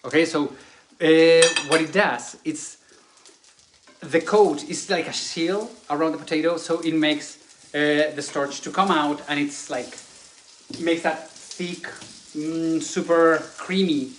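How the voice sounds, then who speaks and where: A man's voice: fairly high pitch, slow pace, slight background noise. A man with Spanish as his first language and a lingering cough, chatting casually while cooking in a home kitchen and searching for English words. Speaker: cooking video co-host.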